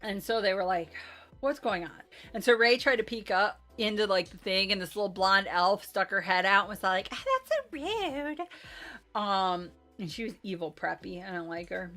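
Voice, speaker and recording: A woman hosting a casual recap of a tabletop game, talking in a chatty, rambling way. She keeps apologizing for her own slips and pads her talk with fillers. Faint music plays quietly under her voice. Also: mid-range voice, fairly even intonation, normal speed. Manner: chatty, self-deprecating, rambling with many fillers. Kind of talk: casual chat.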